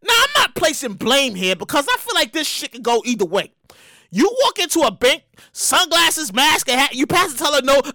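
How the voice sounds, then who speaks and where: A man hosting his own podcast, telling a story in an excitable, slangy and profane way. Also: very high-pitched, moderate pace, no room sound. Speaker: podcast host. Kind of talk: casual comedic podcast monologue.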